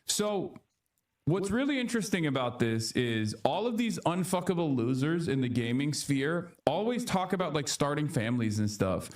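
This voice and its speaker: A man's voice: fairly high pitch, sing-song, normal speed. A male streamer commenting casually on gaming news in a dismissive, mocking tone. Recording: distant clip played back.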